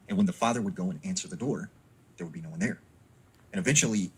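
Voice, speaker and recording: A man's voice: on the low side, breathy edge, poor audio. A man casually retelling a creepy backwoods story, full of fillers and acted-out dialogue.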